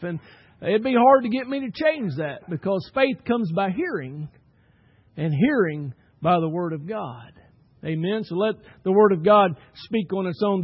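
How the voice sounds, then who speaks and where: A man preaching a sermon as pastor, swinging between loud emphatic bursts and quiet asides. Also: sits high, breathy edge, dry recording, highs cut off.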